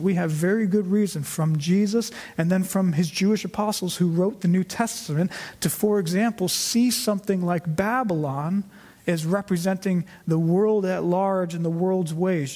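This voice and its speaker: Male Bible teacher with a high voice, explanatory, poses and answers his own questions. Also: moderate pace, warm tone. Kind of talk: scripted Bible study teaching.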